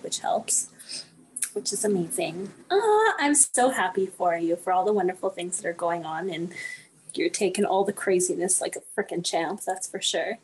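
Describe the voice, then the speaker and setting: A woman's voice: fairly low pitch, slight background noise. Easygoing woman co-host, hesitant talk. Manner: easygoing and hesitant, with frequent ums and uhs. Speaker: podcast co-host. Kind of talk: casual chat.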